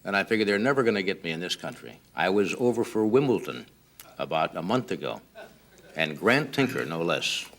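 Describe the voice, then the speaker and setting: A man's voice: low-pitched, big pitch swings, a little fast, a bit bright. A man hosting a television talk show, prompting his guest with short questions and dry, teasing quips. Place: television studio.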